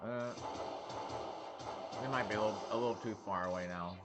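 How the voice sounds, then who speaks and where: A man's voice: fairly low pitch, brisk, over loud music. A man chatting casually while streaming a video game, rambling and answering viewers' questions. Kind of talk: casual gameplay chat.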